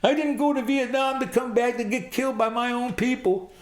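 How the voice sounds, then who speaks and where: A man voicing a terrified young male war veteran who sobs in a high, strained voice, with a roomy echo. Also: fairly quick. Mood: sobbing.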